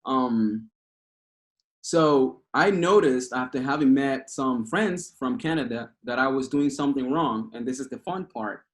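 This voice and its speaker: A man from Cuba speaks English with a Cuban Spanish accent, his first language being Spanish. He talks casually and passionately, often restarting his sentences, in a voice of ordinary pitch. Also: a little slow. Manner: passionate, rambling, with frequent restarts. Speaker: guest speaker. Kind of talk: casual talk over a video call.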